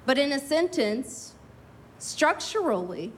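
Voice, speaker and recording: A woman's voice: high-pitched, very animated, slow, a little hiss or hum. A middle-aged woman doing a brash, confiding, self-mocking stand-up set at an outdoor drive-in show. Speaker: stand-up comedian. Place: outdoor drive-in stage, parking lot.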